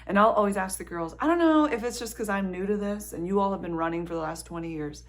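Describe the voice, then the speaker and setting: A middle-aged woman vlogger telling a story casually to camera, chatty and animated, often laughing and dropping into soft asides. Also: mid-range voice, fast.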